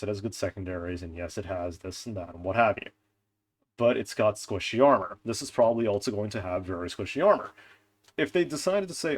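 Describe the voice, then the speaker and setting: A young man giving casual commentary on game stats, animated and ranting, with frequent fillers and restarts. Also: lowish voice. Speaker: gaming content creator.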